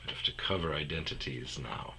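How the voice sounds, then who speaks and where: A man's voice: very deep voice, a little fast, vocal fry, pushed and bright, a little hiss or hum. A man hosting a podcast, telling a rambling, self-mocking story in casual chat, full of fillers and restarts. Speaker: podcast host.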